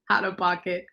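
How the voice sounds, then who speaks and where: A woman hosting a casual livestream, talking fast and chatting with viewers as she greets them. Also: lowish voice, creaky, sharp tone. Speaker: livestream host.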